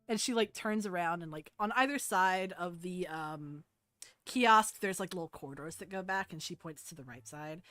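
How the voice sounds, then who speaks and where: A woman's voice: lowish voice, normal speed, a bit bright, dry recording. A young woman narrating a tabletop game as game master, casual and rambling with lots of fillers.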